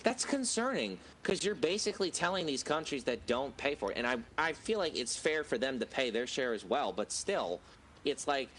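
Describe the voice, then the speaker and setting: A young man talks through current events in a loose podcast chat. He circles his points, stumbling over restarts and leaning on filler words, his voice sitting at an ordinary middle pitch. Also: big pitch swings, normal speed, fairly bright tone, slight background noise. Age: young adult. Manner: rambling, hesitant, frequent restarts and fillers. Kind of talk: casual political chat.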